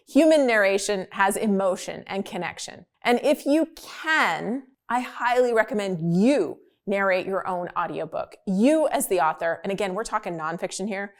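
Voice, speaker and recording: A woman hosting an explainer video, talking in a chatty, upbeat and emphatic way. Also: medium pitch. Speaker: host.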